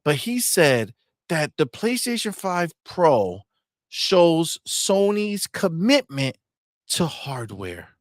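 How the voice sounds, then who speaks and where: A man co-hosting a gaming talk show, heckling and swearing in animated casual chat. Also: on the high side, takes it slowly, no room sound, clean studio sound. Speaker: podcast co-host.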